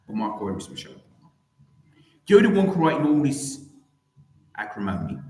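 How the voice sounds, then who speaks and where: A man delivers a rambling, mock-serious rant straight to his channel's viewers. His voice lurches up and down with lively, theatrical swings, and he circles back on the same words again and again. The recording carries a noticeable roomy echo. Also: brisk, long pauses. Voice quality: theatrical, with swooping pitch and repeated words. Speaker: YouTube channel host. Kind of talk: rambling satirical commentary rant.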